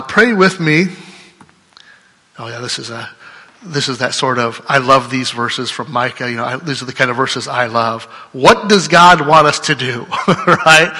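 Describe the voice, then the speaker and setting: Conversational preacher in a reverberant hall. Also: male voice, medium pitch, bright, forceful tone, husky. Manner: conversational, often asks "right?". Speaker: pastor. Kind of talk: sermon.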